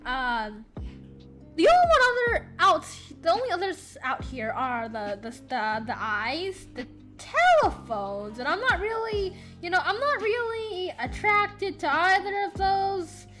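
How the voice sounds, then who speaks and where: A smug, petty young titan king boasts and muses aloud in a high, lively voice, as a woman puts him on while telling a myth. He sounds casually pleased with himself, with faint music behind. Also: measured pace, exaggerated voice. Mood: musing.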